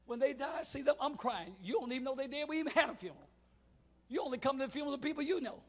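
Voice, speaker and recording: A middle-aged man, preaching a call-and-response sermon as pastor in a church, swinging between shouts and quiet asides. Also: extremely high pitch, very fast. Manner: swings from shouting to near-murmur, preacher cadence. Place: church sanctuary.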